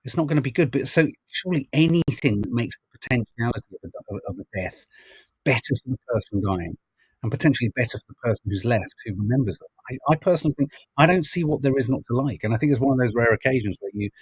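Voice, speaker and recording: A man's voice: medium pitch, lively intonation, fast, breathy edge, dry recording, rough recording. A man hosting a podcast, chatting wryly about news stories and reading out viewer comments. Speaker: podcast host reading the papers. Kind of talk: casual chat.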